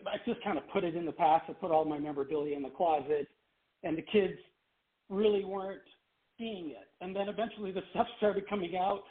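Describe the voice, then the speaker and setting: A middle-aged man from Canada, a former child pop singer, telling stories in a casual interview with lots of laughter. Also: high voice. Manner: animated, laughing storyteller. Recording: phone-like line.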